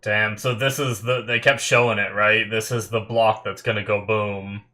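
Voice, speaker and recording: A man reacting aloud to an anime episode, exclaiming and thinking out loud, getting teary and emotional. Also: lowish voice, flat delivery, normal speed. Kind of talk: live reaction commentary.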